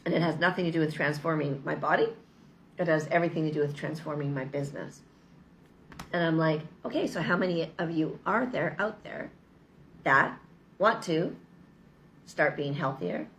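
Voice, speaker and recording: A woman's voice: low-pitched, normal speed, long pauses, slight background noise. A woman talking in a casual motivational vlog, chatty, upbeat and persuasive. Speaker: vlogger. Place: lives in Mexico.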